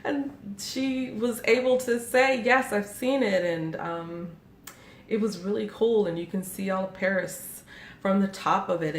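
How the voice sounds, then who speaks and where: Lively low-voiced woman telling a story. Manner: animated, laughing, quotes her family in lively voices. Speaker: podcast co-host. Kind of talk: casual storytelling chat. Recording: echoey room with faint background noise.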